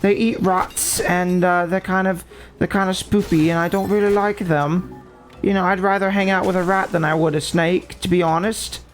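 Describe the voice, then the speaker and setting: A man's voice: sits high, fairly even intonation, normal speed, soft background music. Rambling, self-mocking male streamer. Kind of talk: casual gaming stream chat.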